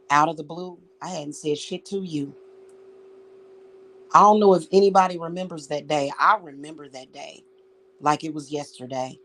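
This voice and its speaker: In this direct-address rant, a female vlogger swears and vents her anger at someone, repeating her words. Her voice is fairly low in pitch and fairly bright in tone.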